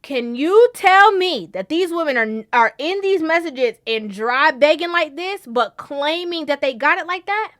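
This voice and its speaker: High, bright-voiced woman vlogger. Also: unhurried, hardly any pauses. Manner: animated, punctuates points with "okay?" and laughter. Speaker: vlog host. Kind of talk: casual commentary vlog.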